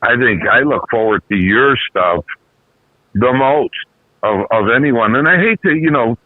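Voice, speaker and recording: A man's voice: mid-range voice, expressive, unhurried, no echo. A man from upstate New York with a New York accent, calling in to a show and talking earnestly and effusively. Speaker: caller. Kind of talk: phone-in chat. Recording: tinny phone line.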